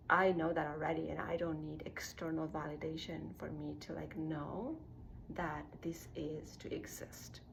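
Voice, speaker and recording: Deep-voiced, with vocal fry and background noise, a young woman rambles through a casual personal vlog. She fills her talk with "like" and laughs at herself along the way.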